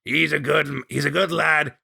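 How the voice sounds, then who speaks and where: A man doing a croaky, gravelly old townsman. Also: a little high, steady tone, normal speed, bright, forceful tone, dry recording, clean studio sound, pitched above the performer's own voice, exaggerated voice. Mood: wry. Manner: rough, croaky old-timer calling people lad and lass. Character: gruff old male townsman, weathered and wry.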